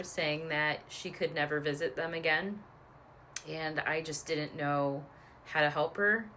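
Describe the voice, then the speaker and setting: A woman's voice: low-pitched, fairly bright tone, a little hiss or hum. A woman speaking earnestly to her followers, making a pleading appeal with some fillers. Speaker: online advocate addressing followers.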